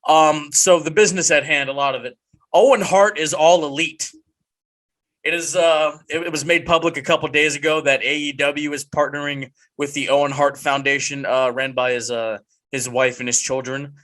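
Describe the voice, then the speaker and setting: A man's voice: a little high, fairly even intonation, moderate pace, a bit bright. A man hosting a casual podcast with friends, joking and mock-dramatic, rambling with restarts. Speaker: podcast host.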